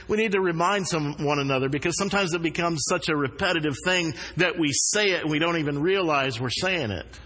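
A man preaches in an earnest, measured way, his voice sitting a little high for a man. He slows down to weigh the words that matter most. A long hall reverb trails behind every phrase. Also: bright, forceful tone. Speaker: pastor. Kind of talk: sermon. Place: church sanctuary.

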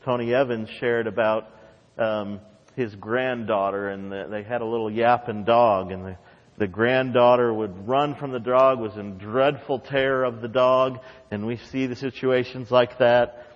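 A man's voice: fairly even intonation, measured pace. Preaching man in a reverberant hall. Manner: swings from soft asides to loud, high emphatic preaching. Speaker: pastor. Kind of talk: sermon. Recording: dull sound with long hall reverb.

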